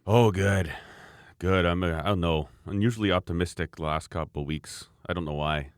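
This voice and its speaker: Man, very deep voice, rambling easygoing storyteller, casual podcast chat, dry close sound. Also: moderate pace, smooth, no echo. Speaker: podcast co-host.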